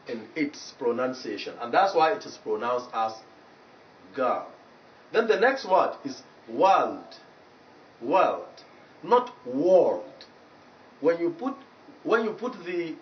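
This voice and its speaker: A man with a Nigerian English accent teaching pronunciation on local TV, saying each word slowly and repeating it for drills. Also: on the high side. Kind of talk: broadcast pronunciation lesson. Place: TV studio. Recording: roomy, distant, dull local TV broadcast audio with faint noise.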